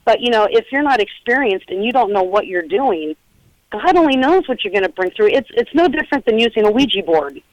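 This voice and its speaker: A middle-aged woman, a paranormal investigator, telling stories in a chatty, animated way over a phone line and acting out the quotes. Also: a little high, brisk, no room sound. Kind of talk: casual storytelling interview.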